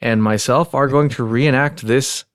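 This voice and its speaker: A man's voice: medium pitch, steady tone, unhurried, dry recording, studio quality. A man hosting a podcast, chatty and joking, talking straight to listeners. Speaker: podcast host. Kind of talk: casual podcast chat.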